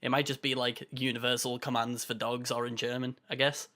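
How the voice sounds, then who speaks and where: A man's voice: mid-range voice, level tone, fairly quick, pushed and bright. A man co-hosting a podcast, chatting in an easygoing, rambling way. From United Kingdom. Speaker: podcast co-host. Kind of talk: casual chat.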